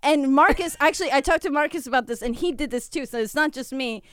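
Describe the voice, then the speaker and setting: A woman's voice: high-pitched, quick pace, fairly bright tone, no echo, clean studio sound. A woman co-hosting a podcast, telling stories in a playful, giggly casual chat. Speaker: podcast co-host.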